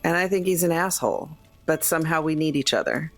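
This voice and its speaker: A woman's voice: sits low, fast, soft background music. A woman playing a tabletop role-playing game, speaking earnestly as her character. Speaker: player.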